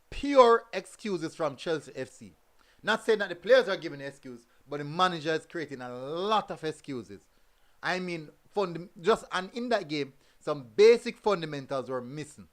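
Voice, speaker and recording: A man's voice: high voice, fairly bright tone. Man repeating himself for emphasis. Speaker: football review show host. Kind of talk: casual live football review talk.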